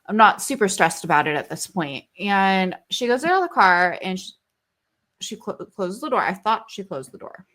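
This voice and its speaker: A woman in her thirties, a podcast co-host, tells a story in easy, chatty talk. She is animated and rambling, drops filler words and swears without a second thought. Her pitch sits in an ordinary middle range. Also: moderate pace. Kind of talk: casual storytelling chat.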